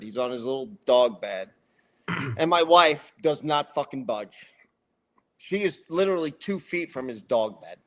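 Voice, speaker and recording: A middle-aged man telling a story in casual podcast chat, ranting and swearing a lot in an animated way. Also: mid-range voice. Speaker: podcast co-host.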